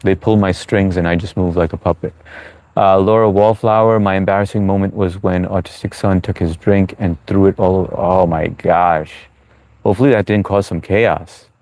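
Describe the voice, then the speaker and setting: A man's voice: low voice, steady tone, normal speed, a little mellow, no echo. A man hosting a live stream in casual chat, reading viewer comments aloud and chatting with them in a laid-back, friendly way.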